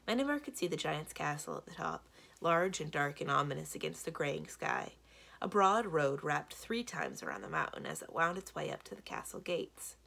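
Gravelly low-voiced woman reading a story. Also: normal speed. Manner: steady storytelling, varied delivery. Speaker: librarian reading aloud. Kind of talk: children's book read-aloud narration.

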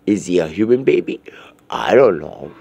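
A man's voice: low-pitched, very animated, normal speed, vocal fry, warm tone, slightly rough. A young man, just woken up, rambling crudely and jokily in a casual vlog monologue, swearing often.

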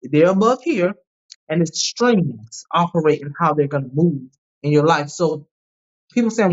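A woman's voice: deep voice, a little slow. Emphatic woman telling her story. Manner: emphatic, animated, repeats "like" and "right?". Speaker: podcast guest. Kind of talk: candid personal storytelling. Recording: dull lo-fi sound.

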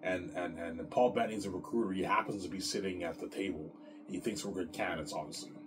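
A man chatting casually on his vlog, rambling excitedly and stumbling over repeated words. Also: low-pitched, fast, background noise. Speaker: vlogger. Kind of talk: casual chat. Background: music.

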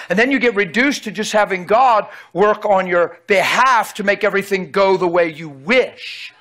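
A preacher with a high, bright voice delivers a lively sermon in a folksy, emphatic way. He keeps checking in with his listeners, pressing each point home. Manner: emphatic, calls out to the audience, folksy.

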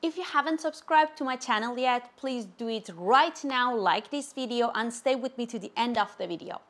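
A woman giving a language lesson, saying each phrase slowly and repeating it with care. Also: on the high side, fairly bright tone. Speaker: language teacher. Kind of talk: slow, clear language lesson.

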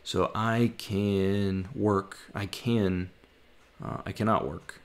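A man vlogging his language study, thinking aloud, haltingly sounding out words and correcting himself. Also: low-pitched, fairly even intonation, vocal fry.

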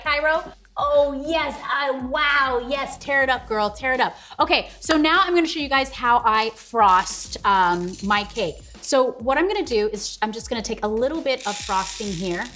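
A woman's voice: fairly high pitch, a bit bright. A woman hosting a casual cooking tutorial in her home kitchen, chatting straight to viewers and laughing often. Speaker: host.

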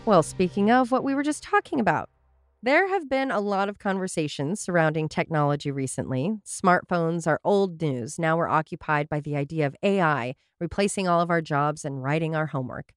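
A woman's voice: low voice, animated, a little fast, no echo, clean studio sound, soft background music. Wry woman hosting a podcast. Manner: wry, sarcastic asides while reading a story. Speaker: podcast host. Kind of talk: casual storytelling podcast.

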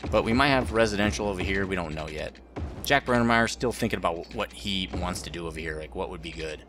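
A man rambling through let's play commentary as the host of a gaming channel, joking about his own mistakes. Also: deep voice.

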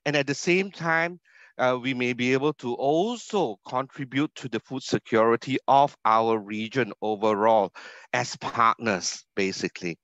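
A man's voice: mid-range voice, a little slow, a bit bright, no room sound. A man from Singapore with a Singaporean English accent, a university academic giving a keynote lecture over a video call, stressing key words and asking rhetorical questions. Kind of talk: online conference lecture. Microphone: video call computer mic. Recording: dull, dry video call audio.

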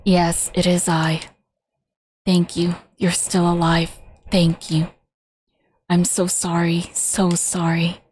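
A woman voicing a grieving, remorseful male teacher who speaks slowly and apologetically. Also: on the low side, monotone, darkish tone, husky, no echo.

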